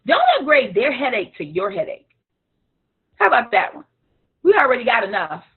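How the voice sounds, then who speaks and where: Woman coaching live, lively and blunt, kinda raspy, sounds like a phone call. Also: on the high side, moderate pace. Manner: animated, frank, imitates others playfully. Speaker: business coach. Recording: tinny phone-like line.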